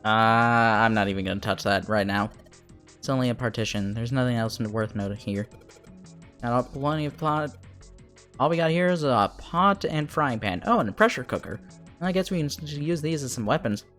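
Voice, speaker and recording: Male streamer, chatty and giggly, reads game text aloud, mid pitch. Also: moderate pace, a bit bright, faint music behind. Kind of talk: casual live-stream commentary and reading aloud.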